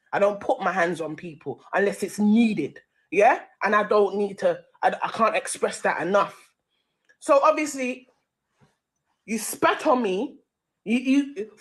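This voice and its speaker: A woman's voice: a little high, very animated, unhurried. A woman with a London accent, hosting a live-stream radio show, telling a heated story full of slang and swearing.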